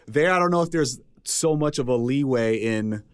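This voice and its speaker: A man co-hosts a podcast in easygoing, chatty banter, his voice sitting at an ordinary male pitch. He talks loosely and laughs easily. The sound is close and dry, with no room around it. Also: lively intonation, normal speed, clean tone, no echo. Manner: laid-back, talkative, often laughing. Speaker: podcast co-host. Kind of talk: casual chat.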